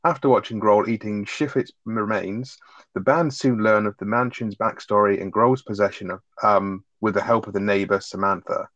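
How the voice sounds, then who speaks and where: A man's voice: on the low side, fairly even intonation, moderate pace, a bit bright, no echo, highs cut off. A man co-hosting a podcast, chatting casually and retelling film scenes with lots of swearing. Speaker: podcast co-host reviewing a film. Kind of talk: casual chat.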